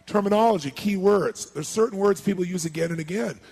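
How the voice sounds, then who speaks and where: Gravelly, husky male seminar speaker. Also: high-pitched, brisk. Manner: energetic, questions the audience. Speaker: motivational speaker. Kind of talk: seminar talk to a live audience.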